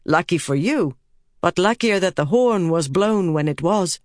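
A woman's voice: fairly low pitch, animated, unhurried, no echo, clean studio sound. A woman reading an audiobook, voicing a fierce, brash woman archer commander in a boisterous, commanding manner. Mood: brisk.

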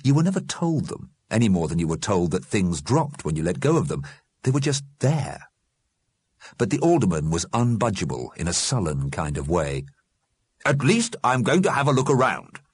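A man narrating an audiobook in a measured, expressive storytelling manner. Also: deep voice, breathy edge, dry recording, clean studio sound.

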